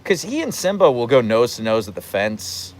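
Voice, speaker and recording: A chatty man talking outdoors in light rain during a casual live stream. His pitch leaps up and down freely as he answers viewers' questions, and the middle of his voice sits at an ordinary height. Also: moderate pace. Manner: chatty and animated, acting out his dogs in funny voices. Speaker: host answering live chat.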